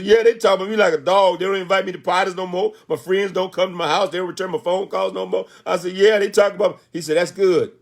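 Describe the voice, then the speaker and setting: In his sixties, this motivational speaker recounts his own story and punctuates it with emphatic rhetorical questions. His voice sits high and has a creaky quality.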